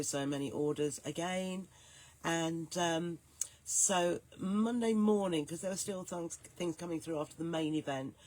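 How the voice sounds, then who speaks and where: A woman hosting a live stream, hoarse and gruff from a cold, chatting and greeting viewers by name. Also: on the low side. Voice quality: soft, growly, gruff. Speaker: host.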